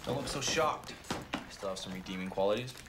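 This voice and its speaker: An actor playing a deep-voiced, sarcastic missionary. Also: male voice, fairly quick, noisy background, lightly acted. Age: young adult. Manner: sarcastic, grumbling.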